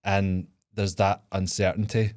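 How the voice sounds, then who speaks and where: Low-voiced man co-hosting a chat podcast. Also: flat delivery, a little slow, darkish tone, dry recording, studio quality. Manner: laughs often, lays out fan theories at length. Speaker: podcast co-host. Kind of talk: casual chat.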